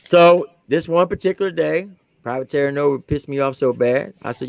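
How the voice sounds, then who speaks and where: A man in his forties, an army veteran, telling a profane comic story with animated swings between low asides and loud punchlines. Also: fairly quick, gravelly, hardly any pauses, dry recording.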